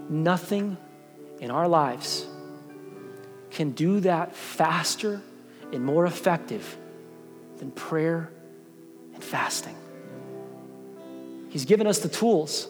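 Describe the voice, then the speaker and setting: A man's voice: a little high, animated, takes it slowly, pauses often. A middle-aged man preaching a sermon as pastor, earnest, often repeating words as he presses a point. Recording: long hall reverb with soft music behind.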